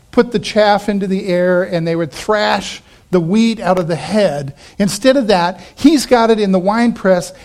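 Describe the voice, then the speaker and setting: A man preaching a sermon as a pastor, animated and acting out the quoted voices, dropping to quiet asides. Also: sits high.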